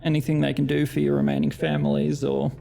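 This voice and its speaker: An Australian man narrating as dungeon master of a tabletop game, relaxed and hesitant with frequent ums. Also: on the high side, fast talker, vocal fry.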